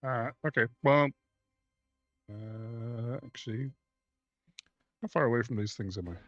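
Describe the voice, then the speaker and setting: A man playing a tabletop game, wry and quick to laugh at his own jokes. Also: medium pitch, no room sound. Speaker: player. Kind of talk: casual tabletop play. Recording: dull lo-fi stream audio.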